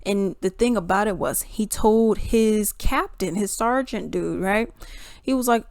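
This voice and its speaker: A woman giving casual, blunt commentary, animated and acting out what others said. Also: medium pitch, measured pace, no room sound, studio quality. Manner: blunt, animated, acts out quotes in voices.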